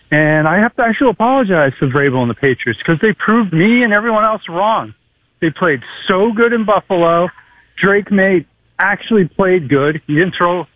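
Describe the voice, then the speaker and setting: A man's voice: on the high side, no echo. A man calling in to a sports radio show, talking eagerly as a fan about his team. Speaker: radio caller. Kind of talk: call-in chat. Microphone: phone. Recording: tinny dry phone line.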